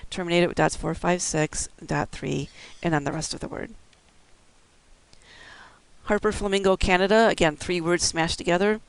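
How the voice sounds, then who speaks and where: A man with a slightly high, gravelly yet clear voice teaches in a careful, step-by-step way, pausing on the odd filler. The recording is dry and close, with no room sound. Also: no echo, low-quality recording. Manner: methodical, explaining step by step with fillers. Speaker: braille instructor. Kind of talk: recorded instructional lecture.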